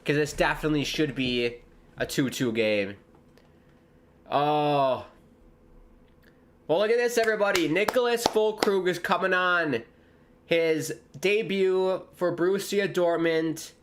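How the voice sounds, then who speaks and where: Excitable man commentating a football stream. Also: a little high, takes it slowly, a little hiss or hum. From United States. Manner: excitable, exclaims loudly at big moments. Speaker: watchalong streamer. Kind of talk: live football watchalong commentary.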